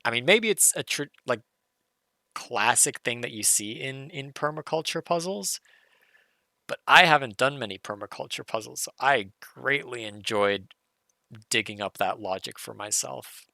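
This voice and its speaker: Streamer, male, hoarse and gravelly, bright tone, dry close mic, live puzzle solve talked through aloud. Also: medium pitch, moderate pace, no echo. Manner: muttering, self-correcting, excited.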